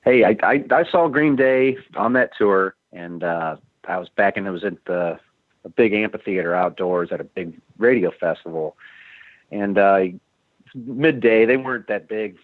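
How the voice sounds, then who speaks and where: A man's voice: fairly low pitch, moderate pace, no room sound. A man being interviewed as a guest musician, telling rambling stories with frequent chuckles. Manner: rambling storyteller, chuckles often. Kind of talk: casual interview chat. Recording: tinny phone line.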